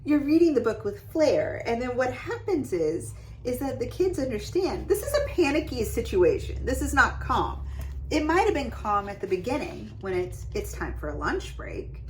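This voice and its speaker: A young adult woman hosting a lesson, talking casually and brightly about reading to children as she shows pages of books. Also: fairly high pitch, slight background noise, rough recording. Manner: lively and chatty, showing off book pages. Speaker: host giving read-aloud tips to parents. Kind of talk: casual instructional talk.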